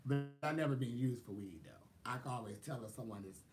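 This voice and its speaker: A man telling stories in a casual vlog, sassy and animated, laughing often. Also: medium pitch, a little fast, over music. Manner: sassy, animated, laughs often, quotes people in exaggerated voices. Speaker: vlogger. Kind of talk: casual storytelling chat.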